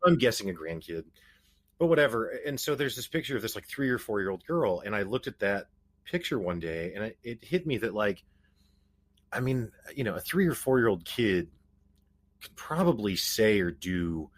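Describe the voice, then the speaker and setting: A man's voice: on the low side, very animated, normal speed. A man hosting a podcast, talking casually in a hesitant, rambling way with many restarts. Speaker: podcast host. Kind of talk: casual conversation.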